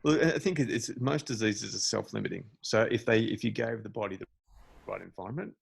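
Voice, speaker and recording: A man, a meditation teacher, talking as a podcast guest, animated and emphatic. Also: on the low side, a little fast, gravelly, breathy edge, no room sound. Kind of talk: casual podcast conversation.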